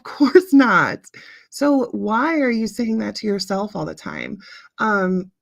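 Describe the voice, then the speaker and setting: A woman's voice: mid-range voice, gravelly, no echo, studio quality. A woman in her late thirties hosting a casual livestream chat, talking to viewers and reading out their comments. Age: late 30s. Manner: chatty, reads out viewer comments, frequent ums. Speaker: livestream host.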